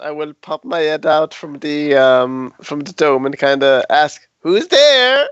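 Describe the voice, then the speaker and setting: A man playing a tabletop game, hesitant with many ums and quick to giggle. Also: a little high, flat delivery, clean tone, dry recording, muffled recording. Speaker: player. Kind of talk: tabletop role-play.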